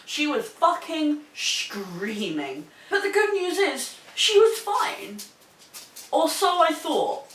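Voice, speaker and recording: A woman's voice: high voice, takes it slowly. Sweary young woman telling a wild story. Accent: New Zealand. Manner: sweary, animated, laughs while telling. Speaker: vlogger. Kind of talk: casual storytelling. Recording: echoey room, mic at a distance.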